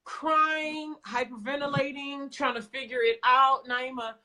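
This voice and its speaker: A woman's voice: sits high, steady tone, a little slow, pushed and bright. A woman coach, telling a story in a blunt, emphatic way with some swearing, in a casual conversation. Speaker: business coach.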